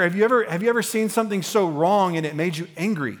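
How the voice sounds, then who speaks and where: A man preaching a sermon as pastor, talking conversationally with many fillers and restarts, growing animated as he goes. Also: high voice, moderate pace, hardly any pauses.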